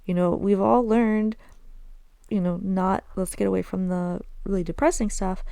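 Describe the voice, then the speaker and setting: A woman's voice: mid-range voice, steady tone, moderate pace, gravelly, warm tone, dry recording. A woman with a Southern American accent talking candidly and self-deprecatingly on her own podcast, slipping in Arabic phrases. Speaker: podcast host. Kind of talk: casual solo podcast storytelling.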